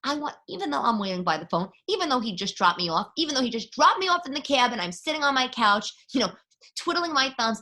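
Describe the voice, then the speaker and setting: A woman's voice: fairly high pitch, lively intonation, fast talker, bright, forceful tone. A chatty woman hosts a casual monologue podcast. She talks in a sarcastic way and often breaks into mocking put-on voices as she acts out texts. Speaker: podcast host.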